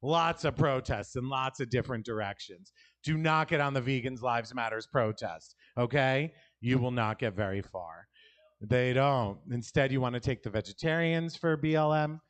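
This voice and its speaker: Recorded at an outdoor alley show, a man with a New York accent performs rambling, loose stand-up, dropping self-deprecating asides. He's a comic with a medium-pitched voice at a moderate pace.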